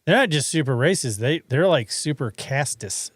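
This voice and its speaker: A man from Iowa with a slight Midwestern accent co-hosts a casual podcast chat, slipping into silly mock accents for laughs. His mid-range voice is animated and slightly rough, at a moderate pace, recorded in clean studio sound with no echo.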